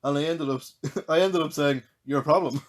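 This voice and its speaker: A woman's voice: low-pitched, moderate pace. A woman in her twenties with an Irish accent, co-hosting a podcast, reading anecdotes and telling stories in casual chat, giggling often. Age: 20s. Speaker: podcast co-host.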